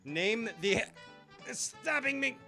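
Playful bright-voiced male game host. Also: very high-pitched, slow pace, vocal fry, soft background music. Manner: joking, lively, laughs often. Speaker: talk show host. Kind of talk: playful game-show hosting.

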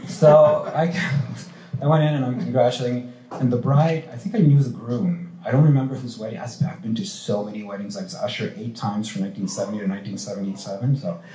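A man on a panel telling lively stories, acting out the voices of the people he quotes and swearing freely. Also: medium pitch, quick pace, roomy sound, poor audio. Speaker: playwright panelist. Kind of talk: animated storytelling on a panel. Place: cultural institute event hall.

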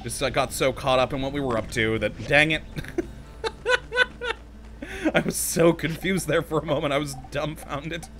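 A man's voice: a little high, steady tone, a little fast, few pauses, a bit bright, a little hiss or hum. A man commentating casually as he plays a video game, talking to himself, easily exasperated and laughing often. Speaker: let's play host.

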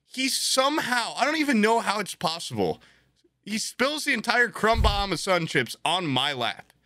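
A man's voice: sits high, moderate pace, no echo, clean studio sound. A young man co-hosting a podcast, telling profane stories in a casual chat and acting out the people in them. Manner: profane, animated storytelling with voiced impressions. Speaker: podcast co-host.

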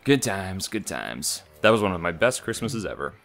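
A man's voice: low voice, animated, a little fast, faint music behind. A man in his mid-twenties co-hosting a casual gaming let's play, rambling and hesitant, with a self-deprecating manner. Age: mid-20s.

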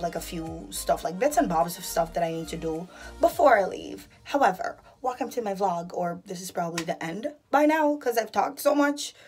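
A young Jamaican woman with a Jamaican accent, vlogging from her bathroom and ranting about pet peeves in an animated, exasperated way. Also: fairly low pitch. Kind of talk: casual vlog chat. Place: bathroom at home.

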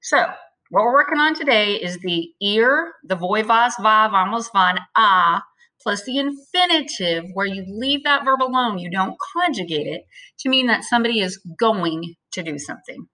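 A woman teaching a step-by-step grammar lesson, explaining patiently and slowing down to spell out words. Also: mid-range voice, lively intonation, sharp tone, poor audio. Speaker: Spanish teacher. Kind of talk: screen-share grammar lesson.

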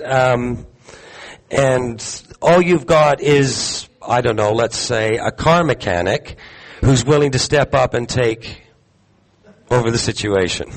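A man giving a live sermon to a congregation, talking conversationally, putting questions to the room and filling pauses with ums. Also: fairly high pitch, poor audio. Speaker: teacher at a congregation gathering. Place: gathering hall with audience.

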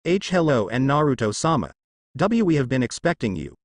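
A man's voice: medium pitch, big pitch swings, fairly quick, no room sound, clean studio sound. A man reading as a stammering goddess, Kami. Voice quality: stuttering. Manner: gentle and polite. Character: shy stammering young woman goddess.

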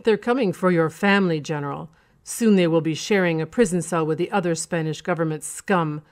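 A woman's voice: lowish voice, brisk, lightly acted. A woman voicing a bitter, sadistic male painter who taunts his rival coldly in a storybook reading. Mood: gloating.

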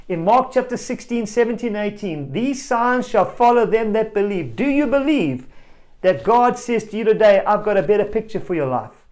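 A male preacher giving a family sermon, telling a story with animated energy and calling out directly to children and parents. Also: high-pitched. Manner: animated storyteller, rising to loud exclamations.

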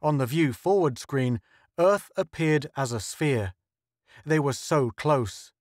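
A man narrating a science fiction story in a steady, measured reading. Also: medium pitch, no echo, clean studio sound. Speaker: audiobook narrator.

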